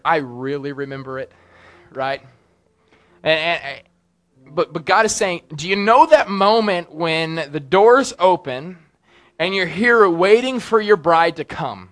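A young man preaching a sermon in a casual, conversational way that turns animated and excitable. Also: fairly high pitch.

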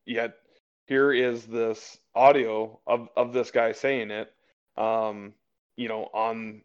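A man's voice: on the low side, level tone, takes it slowly, smooth. A man co-hosting a casual political chat show, talking in a rambling way full of fillers and restarts. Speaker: podcast co-host. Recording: slightly dull lo-fi audio.

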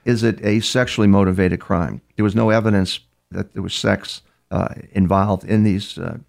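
Older male guest, gravelly and low-pitched, halting storyteller who repeats words and acts out the dialogue. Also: fairly even intonation, darkish tone. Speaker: criminal profiler interviewee. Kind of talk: storytelling interview answers.

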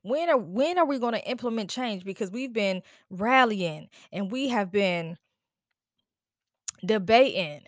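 A podcast host with children launches into an impassioned solo rant, angry, exasperated, worn out and upset, swearing and repeating her questions. Her voice is medium-pitched with lively intonation and a slightly slow pace, recorded cleanly in a studio without echo.

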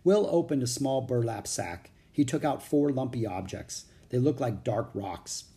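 Expressive male children's audiobook reader. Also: mid-range voice, unhurried, creaky. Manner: expressive, does all the voices. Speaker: narrator.

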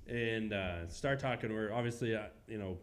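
A man's voice: on the low side, fairly quick, a little hiss or hum. A man co-hosting a podcast, telling a long work story in casual chat, with many restarts. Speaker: podcast co-host; car salesman.

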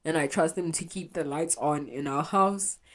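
A woman's voice: sits low, normal speed. A young woman hosting a solo confessional podcast, speaking bluntly and candidly and swearing freely. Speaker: podcast host.

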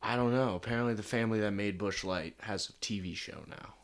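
A man's voice: fairly low pitch, quick pace. A man as a guest on a casual podcast, laid-back and rambling, with wry jokes.

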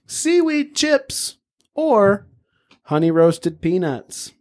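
A man's voice: high-pitched, sing-song, extremely slow. A man hosting a casual podcast, joking and swearing as he runs a game for his friends. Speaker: podcast host running a game. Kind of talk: casual chat.

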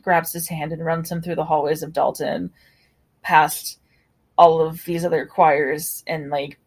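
A woman co-hosting a podcast, recapping an episode in casual chat, animated and laughing often. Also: sits low, unhurried, husky. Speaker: podcast co-host.

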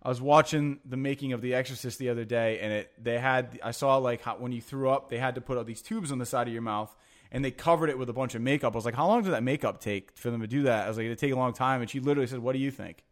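A man's voice: mid-range voice, fast. Man, casual chat, rambling anecdotes, heavy filler words, frequent swearing, offhand delivery.

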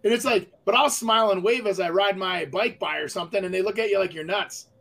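A man's voice: sits high, fast talker, creaky, fairly bright tone, low-quality recording. A man co-hosting a casual real estate talk, chatty with many fillers and restarts. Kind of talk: casual chat.

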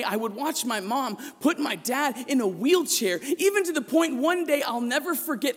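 A man preaching a sermon as a priest, telling a personal story with passion and rising to shouts at the peaks, recorded in a church. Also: extremely high pitch, breathy edge. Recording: long echo of a large church.

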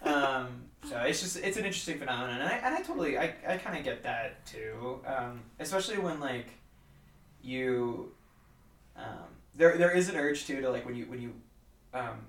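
A relaxed man talking in a casual podcast chat, circling his point through restarts and fillers. His voice sounds roomy and set back from the microphone, with noticeable room echo. His pitch sits at a typical middle male level. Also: moderate pace. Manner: rambling, hesitant, many fillers and restarts, laid-back. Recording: roomy sound from a distance off the mic.

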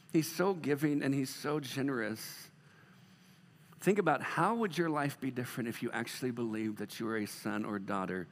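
Male pastor, middle-aged, sermon, emphatic then hushed, high voice, reverberant hall. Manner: animated, swings from loud emphatic to soft and slow.

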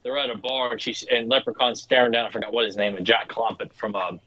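A man's voice: mid-range voice, steady tone, fast, fairly bright tone, dry recording, highs cut off. A man co-hosting a live stream, joking and bantering eagerly. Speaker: co-host. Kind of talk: casual livestream chat.

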